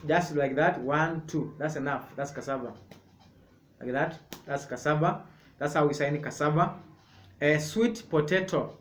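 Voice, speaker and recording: Slow-talking man teaching signs. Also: a little high. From Kenya. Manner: slow, repetitive, explaining step by step. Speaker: sign language teacher. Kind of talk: slow spoken sign language lesson. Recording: echoey room.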